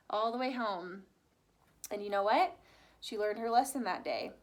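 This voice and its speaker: A woman telling a fairy tale to children, animated and asking her young listeners questions. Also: mid-range voice, normal speed, long pauses, background noise. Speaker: children's storyteller. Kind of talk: reading a story aloud to children.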